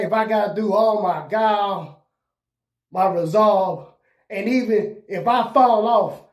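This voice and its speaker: High-voiced man cutting a wrestling promo. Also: darkish tone, roomy sound. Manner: boastful, threatening, with short repeated phrases. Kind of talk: trash-talking wrestling promo.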